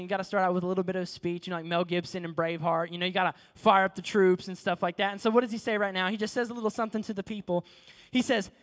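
A man preaching a sermon, telling the story lively with slang and acting out the dialogue. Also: high voice, big-room sound.

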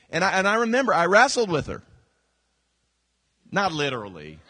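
A man's voice: on the high side, moderate pace, long pauses, husky, no echo. A man preaching a sermon as a pastor, telling stories with acted-out quotes and repeated phrases. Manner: animated storytelling, acting out quotes and repeating phrases.

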